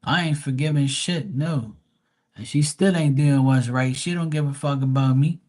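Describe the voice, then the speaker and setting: A man's voice: mid-range voice, moderate pace, a little mellow, voice pushed up, natural voice. A man voicing a dead grandmother who bluntly refuses to forgive, cursing as she speaks. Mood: resentful.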